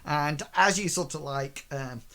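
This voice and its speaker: Male game master, bright voice, hesitant storyteller. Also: a little high, gravelly. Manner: hesitant, many fillers, puts on quick voices for townsfolk. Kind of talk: narrating a tabletop game.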